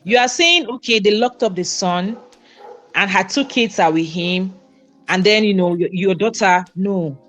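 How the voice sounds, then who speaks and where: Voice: mid-range voice, measured pace, fairly bright tone, soft background music. A panelist with a Nigerian accent in a heated debate, building the argument step by step.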